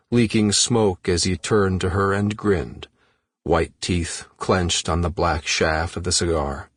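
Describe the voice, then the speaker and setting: A man narrating an unabridged thriller audiobook in a measured, steady reading voice. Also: fairly low pitch, no echo, clean studio sound.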